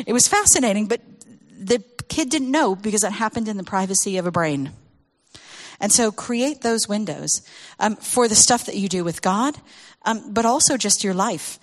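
A woman's voice: medium pitch, moderate pace. A woman giving a storytelling talk to parents as a children's ministry speaker, acting out the voices she quotes and laughing often.

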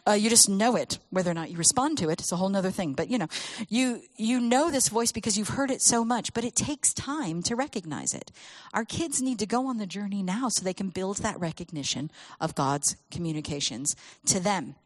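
A woman speaking to a church audience about children and faith, telling stories with lively acted quotes. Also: medium pitch, fairly quick, dry recording. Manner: animated storytelling with acted quotes.

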